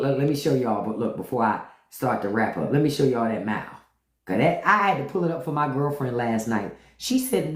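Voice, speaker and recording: Brief: livestream host, casual profane chatter, laughs a lot, mid-pitched, roomy echo. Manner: loose, profane storytelling with frequent laughter and hums. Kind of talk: casual livestream chat with viewers.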